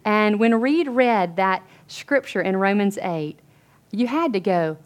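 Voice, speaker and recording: A woman's voice: mid-range voice, lively intonation, slow. A woman giving an earnest, conversational sermon to a Bible study group, chatting through restarts and fillers. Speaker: women's Bible study speaker.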